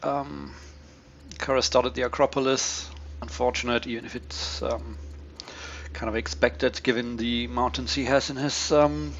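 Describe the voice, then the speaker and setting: A man giving casual, low-key commentary on his turn in a strategy game, thinking aloud with many pauses and ums. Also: fairly even intonation, fairly bright tone. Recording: dull lo-fi mic with faint hiss.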